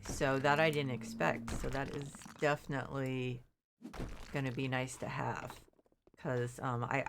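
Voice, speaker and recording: A middle-aged woman talks in a low, unhurried voice as she plays a game on stream, wandering between stories and chat messages. She sounds tired and yawns now and then while she gets over being sick. A faint hiss sits behind her voice. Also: fairly bright tone. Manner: rambling, chatty, reads chat aloud; frequent fillers and restarts. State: yawning, recovering from illness. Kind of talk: casual chat while playing.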